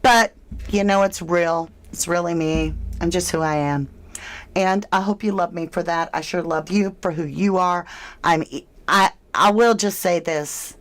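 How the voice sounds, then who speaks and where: A woman's voice: fairly low pitch, unhurried. A woman hosting a true crime livestream, chatting casually with viewers in a chatty, emphatic, slightly snarky way. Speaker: true crime channel host. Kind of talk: casual livestream chat reading comments.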